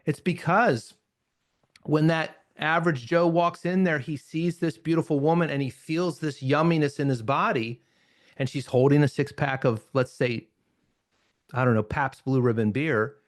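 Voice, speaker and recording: A man's voice: fairly high pitch, moderate pace. A man teaching confidence techniques as an NLP trainer at a live seminar, speaking conversationally and acting out short examples in changing tones. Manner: energetic, conversational, acts out examples in varied tones.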